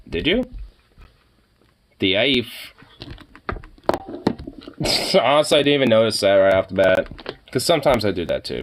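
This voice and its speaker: Lively young man, casual reaction chatter. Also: on the low side, slight background noise. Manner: laughing, swearing, exclaiming often. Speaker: streamer reacting to pet pictures.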